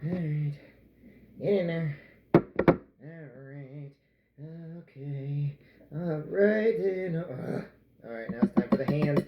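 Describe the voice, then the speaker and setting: Playful middle-aged male home baker, high-pitched, joking with his dough; echoey, muffled, noisy kitchen recording. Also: takes it slowly, long pauses. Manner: goofy, playful, talks to the dough. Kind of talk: casual cooking vlog. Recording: echoey kitchen, dull lo-fi sound with noise.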